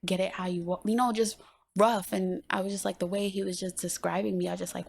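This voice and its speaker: A woman's voice: medium pitch, quick pace, gravelly, slightly rough. A woman guest on a podcast, telling a personal story casually and acting out the dialogue in it. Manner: animated, acts out quoted dialogue.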